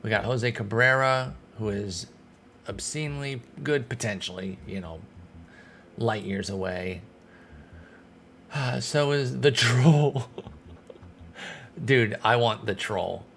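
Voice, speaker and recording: Gravelly young man chatting through a game. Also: mid-range voice, slow, pauses often, slight background noise. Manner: chatty, thinks aloud, sudden excited outbursts. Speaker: streamer playing a baseball management game. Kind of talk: casual gameplay commentary.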